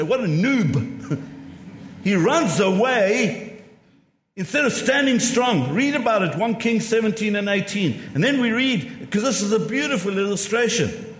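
A man preaching a sermon, emphatic and fond of rhetorical questions and repeating key lines. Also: a little high. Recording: echoey hall with long reverb.

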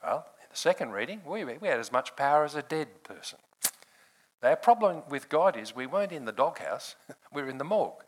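Lively older man preaching a sermon. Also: on the high side, fairly quick, poor audio. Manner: animated and conversational, often laughing, addresses people in the room by name.

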